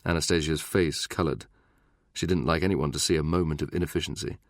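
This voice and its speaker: Deep-voiced man narrating an audiobook. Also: fairly even intonation, brisk, dry recording, clean studio sound. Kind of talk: scripted narration.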